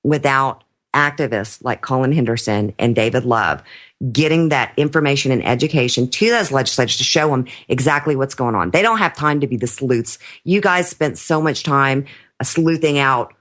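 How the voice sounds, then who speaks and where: A man's voice: medium pitch, moderate pace, fairly bright tone. Earnest male talk radio host.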